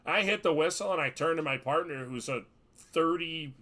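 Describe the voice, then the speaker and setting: A man's voice: fairly high pitch, normal speed, sharp tone. A man who works as a hockey referee, chatting on a podcast and telling stories with plenty of emphasis. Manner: storytelling, emphatic. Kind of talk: podcast chat.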